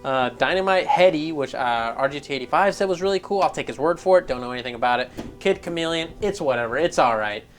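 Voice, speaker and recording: A man's voice: on the high side, lively intonation, quick pace, few pauses, faint music behind. A man hosting a gaming news show, giving casual commentary in a profane, exasperated rant.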